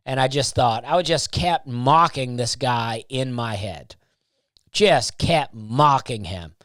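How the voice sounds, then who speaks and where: A man's voice: medium pitch, measured pace, fairly bright tone, no echo, clean studio sound. Laid-back man telling a rambling story. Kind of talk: casual storytelling.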